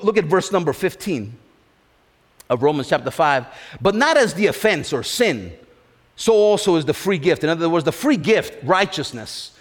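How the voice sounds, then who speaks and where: A preacher delivers a sermon in a high, animated voice whose pitch rises and falls widely. He drives phrases home through repetition and keeps putting questions to the congregation, while long church-hall reverb trails after his words.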